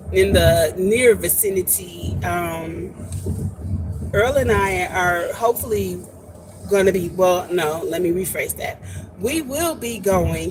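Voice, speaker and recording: A woman hosting a casual homesteading livestream, chatty and animated, greeting viewers warmly by name. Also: medium pitch, background noise.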